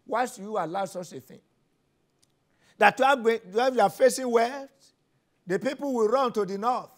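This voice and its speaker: A man's voice: very high voice, moderate pace. A man with a Nigerian English accent preaching and leading prayer, fervent and repetitive, building into commanding declarations. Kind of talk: sermon and prayer session.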